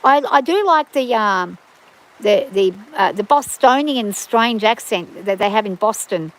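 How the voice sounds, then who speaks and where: A woman's voice: mid-range voice, animated, measured pace, low-quality recording. A woman hosting a livestream from her farm, chatting casually and rambling with frequent restarts and fillers. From Australia.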